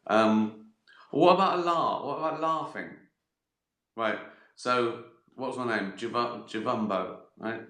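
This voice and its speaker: A man's voice: mid-range voice, expressive, measured pace, bright, forceful tone. A man hosting a casual livestream and answering viewer questions. He rambles, chuckles often and swears freely as he jokes. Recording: roomy echo.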